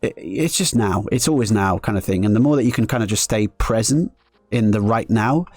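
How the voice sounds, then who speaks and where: A man's voice: on the low side, a little fast, a little mellow, no room sound. A man commentating his own live poker play on stream, joking sarcastically at his own expense between strategy talk. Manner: self-mocking, sarcastic joking.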